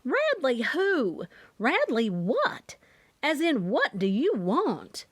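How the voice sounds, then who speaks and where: An excitable, nosy middle-aged mother, put on by a woman narrator, pitched high and drawn out. She speaks loud and demanding in a dry, close audiobook reading. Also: slow pace, no room sound, full character voice. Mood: alarmed.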